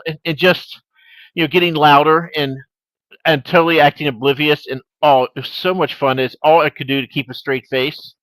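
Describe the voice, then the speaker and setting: A man from the United States with a somewhat high voice tells playful anecdotes. His sound is dry and close, with no room around it, over a video call. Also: steady tone, normal speed, fairly bright tone, no room sound, low-quality recording. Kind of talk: casual chat.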